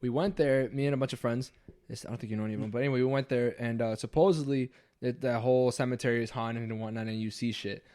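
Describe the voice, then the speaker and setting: A man's voice: mid-range voice, quick pace. A young man telling a ghost story casually on a podcast, swearing often and acting out the voices of his friends. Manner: swears a lot, animated when acting out quotes. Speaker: podcast host.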